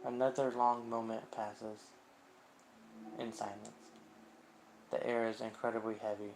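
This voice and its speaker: A man streaming a visual novel game, reading the narration aloud and reacting live, unhurried and quick to swear when surprised. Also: on the low side, flat delivery, a little mellow, slight background noise.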